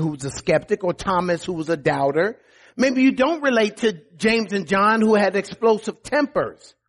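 High-voiced man preaching a sermon. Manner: emphatic preaching, repeats words, swings between high calls and low quiet lines. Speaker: pastor.

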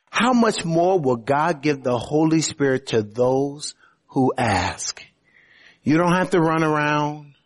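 A man preaching a sermon, explaining scripture in an emphatic, conversational way with sudden swings between loud and quiet. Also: a little high. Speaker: pastor.

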